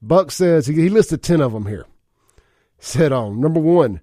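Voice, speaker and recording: A man's voice: a little high, big pitch swings, a little fast, dark tone, no echo. A man hosting a casual talk radio show in a studio, reading listener texts aloud and chuckling often. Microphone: studio microphone.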